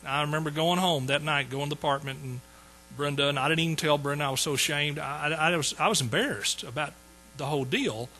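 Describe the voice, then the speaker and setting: A folksy older man preaching a testimony, his voice bright and a little high. He repeats phrases for emphasis as he tells the story. A faint hum sits under the recording. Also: fast talker, low-quality recording. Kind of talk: sermon testimony.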